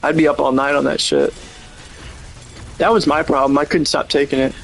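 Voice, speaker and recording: A man's voice: on the high side, fairly even intonation, normal speed, vocal fry, slight background noise. Rambling, joking male streamer. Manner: rambling, joking, swears freely. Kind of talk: casual livestream chat.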